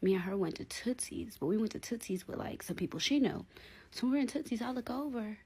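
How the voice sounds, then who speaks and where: Husky woman telling a blunt storytime. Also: a little high, a little fast. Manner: blunt, animated, slangy, asks "okay?" to her viewers. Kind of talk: casual storytime vlog.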